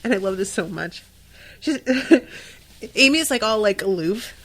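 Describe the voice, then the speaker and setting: A woman's voice: mid-range voice, animated, measured pace, a bit bright, slightly rough. A woman hosting a podcast, recapping a TV episode in casual chat, emotional and swearing freely, crying at times. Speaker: podcast host.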